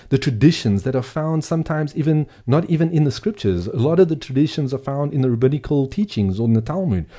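A man's voice: fairly high pitch, mellow. A man giving earnest Bible teaching, speaking emphatically and repeating phrases for emphasis.

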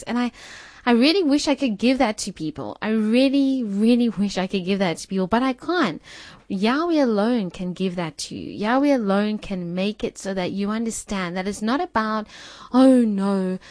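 A woman's voice: medium pitch, darkish tone, no echo. A woman giving an earnest, casual spoken faith teaching, repeating phrases and acting out inner voices. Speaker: co-host of an online prayer meeting.

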